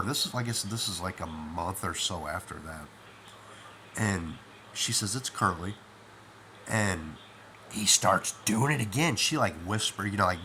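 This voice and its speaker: In a low, pushed and bright voice, a drowsy middle-aged man meanders through a first-person tale packed with "you know" and "man." There's slight background noise.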